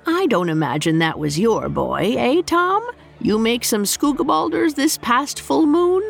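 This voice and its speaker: A woman voicing a weathered, sarcastic innkeeper of a certain age in an audio story, talking in a deadpan, teasing way. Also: a little high, a little slow, gravelly, faint music behind, pitched above the performer's own voice, heavily acted. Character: weathered middle-aged female innkeeper, dry and sarcastic.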